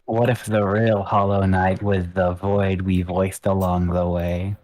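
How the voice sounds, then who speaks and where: A man co-hosting a game stream, joking in a deadpan way with short, dry remarks. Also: deep voice, unhurried, rough recording. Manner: deadpan, drawls one-word jokes. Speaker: co-host. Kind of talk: casual game stream chat.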